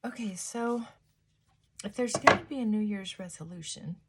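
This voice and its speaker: A woman's voice: medium pitch, normal speed, heavy background noise. A middle-aged woman vlogger chatting casually and reflectively while doing her makeup, rambling and trailing off mid-thought.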